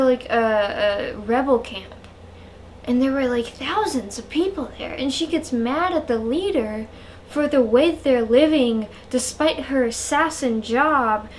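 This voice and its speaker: A woman's voice: high-pitched, a little hiss or hum. A woman reviewing books in a casual vlog, rambling and frank and saying "like" often. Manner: rambling, frank, heavy use of "like". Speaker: book reviewer.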